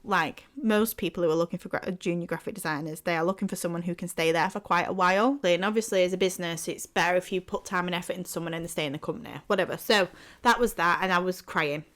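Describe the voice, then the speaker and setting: A woman's voice: fairly low pitch, quick pace, a bit bright. Young woman rambling through a story on a podcast, swears a bit, says like a lot. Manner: rambling storytelling, heavy use of "like", casual swearing. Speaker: podcast co-host. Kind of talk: casual chat.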